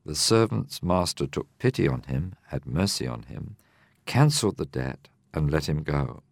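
A man, older, explaining a Bible parable in a measured, teaching way on a discussion program. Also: extremely low pitch, expressive, vocal fry, dry recording, studio quality. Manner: measured, explanatory, reads scripture aloud.

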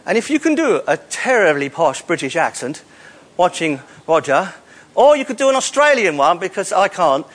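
A man's voice: high voice, sing-song, normal speed. A man leading a live audience on a hall stage, coaxing volunteers with playful, teasing jokes. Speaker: presenter leading audience participation.

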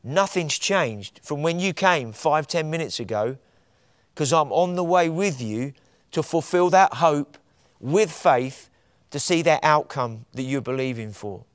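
A preacher quoting a gentle male teacher, hushed and soothing, in a slightly high voice. The sound is dry and close, with no room around it. Each word is soft and reassuring. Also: expressive, unhurried, no echo.

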